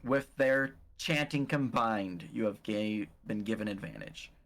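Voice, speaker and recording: A man running a tabletop game as game master, narrating in an unhurried, descriptive way with small fillers. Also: fairly low pitch, a bit bright, soft background music.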